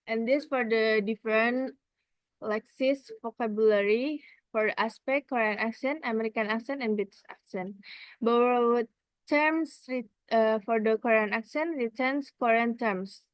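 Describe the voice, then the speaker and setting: A woman student presenting a class talk, reading slowly and stumbling on some words. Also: on the high side, dry recording, rough recording.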